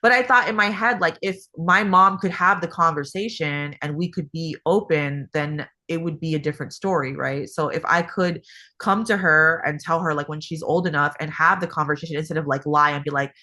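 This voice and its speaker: A woman in her thirties from Hawaii talks casually as a podcast guest. She rambles and leans on filler words. Her voice sounds bright. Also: sits low, a little fast.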